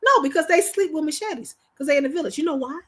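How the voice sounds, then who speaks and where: A woman chatting casually on a livestream, telling animated stories to her viewers in slangy, informal speech. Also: high voice, fast talker. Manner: animated, chatty storyteller addressing viewers directly. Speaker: livestream host.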